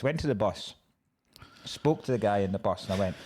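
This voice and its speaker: A man's voice: lowish voice, a little fast, darkish tone. A man, a comedian and podcast co-host in casual chat, telling a story with lots of swearing and laughing.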